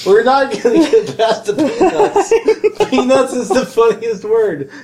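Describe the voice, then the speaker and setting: Slow, lively, giggly man. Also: extremely high pitch. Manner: giggly and playful, laughs often. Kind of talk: casual chat reading texts aloud.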